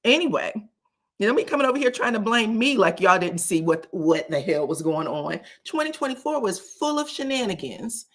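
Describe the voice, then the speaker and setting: Talk to your viewers like a sassy woman hosting commentary at a mid-pitched voice. Keep it loose and animated, with little chuckles and plenty of "child" and "um". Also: normal speed. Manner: frequent chuckles and filler "um". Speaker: host of a reality TV commentary channel. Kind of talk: casual commentary monologue.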